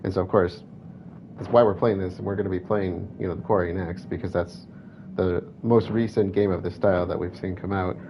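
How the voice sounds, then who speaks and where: A man's voice: low-pitched, steady tone, brisk. A man chatting casually while playing a horror video game, reading game text aloud and correcting himself as he goes. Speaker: gameplay commentator. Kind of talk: let's play commentary. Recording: dull lo-fi with faint hiss.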